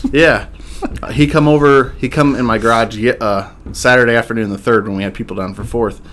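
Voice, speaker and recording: On a relaxed podcast, a thirtysomething male guest chats through anecdotes, laughing along and doing lively impressions of what his neighbors said. He talks briskly at a medium pitch into a tabletop podcast microphone.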